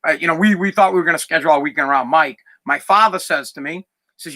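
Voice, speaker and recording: A man's voice: a little high, fast, pushed and bright. A man in his thirties, a podcast host, telling a personal story in a candid, rambling way with a lot of swearing, close to tears.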